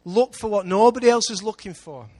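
A man with an English accent preaching a sermon in church, lively, with big swings between loud and quiet. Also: high-pitched, brisk. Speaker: pastor.

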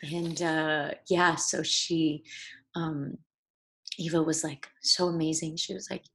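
Young woman guest, low husky voice, halting and tearful, restarts often. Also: flat delivery, a bit bright. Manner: halting, with many restarts and fillers. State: tearful, voice breaking. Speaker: actor guest. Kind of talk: personal storytelling in an interview.

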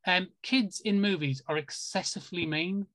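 A British podcast co-host with a bright, slightly high voice rambles casually through movie talk. He hesitates often, filling gaps with ums and likes. The recording is close and dry. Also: moderate pace, no echo. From United Kingdom. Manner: chatty, hesitant, many fillers. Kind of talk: casual chat.

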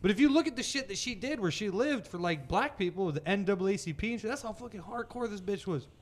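A man in casual, profane chat with friends, animated and laughing often. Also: sits high, quick pace.

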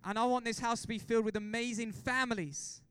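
High, clear-voiced excitable male pastor. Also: fairly quick, no room sound. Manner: excitable, exhorting congregation with repeated questions. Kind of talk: sermon.

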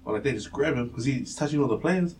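A man, co-hosting a casual podcast chat and telling animated, swear-filled stories, acting out what people said. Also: mid-range voice, fast talker, a crowd in the background. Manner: animated storyteller, swears freely, acts out quotes. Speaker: podcast co-host. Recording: distant mic, faint room ambience.

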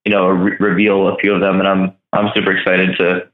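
A man's voice: low voice, completely flat delivery, fairly quick. A man hosting a casual chat, laid-back and rambling with lots of fillers. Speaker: host. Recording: echoey, phone-like line.

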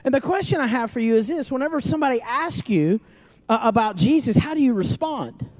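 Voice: mid-range voice, expressive, brisk. Joking, conversational pastor preaching live. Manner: conversational and joking, with frequent restarts; asks the audience questions. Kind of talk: sermon to a live congregation. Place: church service before an audience, also streamed online.

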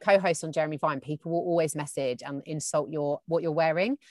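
Chatty English woman, low voice. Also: fairly even intonation, fairly quick, no room sound. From England. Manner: chatty storyteller, acts out quoted dialogue. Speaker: TV presenter as guest. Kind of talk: casual chat.

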